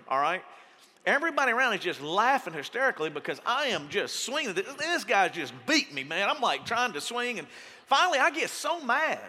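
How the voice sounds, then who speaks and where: A man preaching a storytelling sermon as pastor, animated, acting out quoted voices and laughing through his stories. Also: high-pitched, a little fast, big-room sound. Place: large church auditorium.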